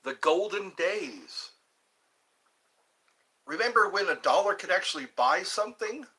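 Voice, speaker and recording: A man's voice: high-pitched, lively intonation, unhurried, pushed and bright. A middle-aged man from Georgia hosting a casual livestream, reminiscing in a rambling way and answering viewers in the chat. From Georgia, US Deep South. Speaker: livestream host.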